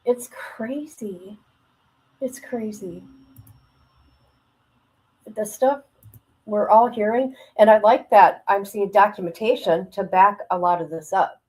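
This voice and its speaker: Husky woman musing on a stream. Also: medium pitch, takes it slowly, pauses often, darkish tone, rough recording. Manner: musing, thinking aloud with trailing thoughts. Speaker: stream host reacting to a video. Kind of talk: casual livestream commentary.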